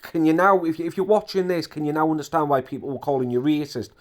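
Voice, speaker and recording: A man's voice: on the high side, fairly even intonation, fast talker. A man giving indignant, repetitive ranting commentary on an online drama.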